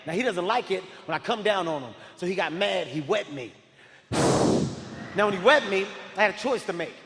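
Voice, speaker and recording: A man doing stand-up comedy, telling stories in a loud, animated way and often shouting. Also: high voice, fairly quick, a little hiss or hum. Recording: live hall reverb, faint crowd ambience.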